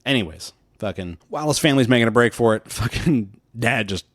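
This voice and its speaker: A man's voice: mid-range voice, expressive, a little fast, fairly bright tone, no room sound, clean studio sound. A young man co-hosting a podcast, recapping a film in casual, profane chat full of laughs and tangents. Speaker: podcast co-host. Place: room with many windows.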